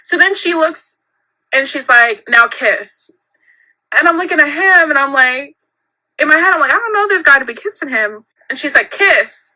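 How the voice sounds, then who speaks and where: A young woman tells a personal story in a high, very bright voice. She is animated and giggly, and she acts out every line of dialogue. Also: brisk, low-quality recording.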